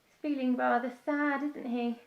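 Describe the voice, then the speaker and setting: A woman teacher reading a children's storytime, gently pausing to ask her young listeners questions. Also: high-pitched, level tone, gravelly, highs cut off. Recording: echoey room.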